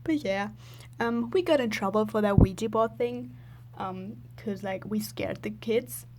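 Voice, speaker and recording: A woman's voice: mid-range voice, unhurried, background noise. A woman telling a story in a casual, rambling voice-over, filling her talk with "like" and giggling often. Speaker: video creator.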